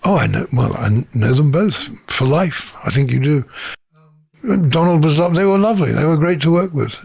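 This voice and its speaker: An older screenwriter speaks in a gravelly, husky voice that sits fairly high for a man. He tells anecdotes in an interview, chuckles often, and slips into other people's voices as he tells his stories. It is recorded in his office. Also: animated, normal speed, a little mellow. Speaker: screenwriter and producer.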